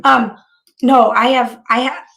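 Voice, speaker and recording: Hoarse lady streamer, super fry-y voice, rambling casual chat with chat. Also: fairly high pitch, steady tone, slow pace, fairly bright tone. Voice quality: vocal fry. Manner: rambling, many restarts, chatting to viewers. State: hoarse from bronchitis. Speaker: live streamer.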